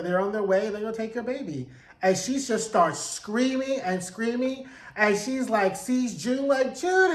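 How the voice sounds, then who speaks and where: A man giving a casual, profane TV episode recap, animated and acting out the characters in quick quoted voices. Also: high voice, reverberant. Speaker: TV recap host.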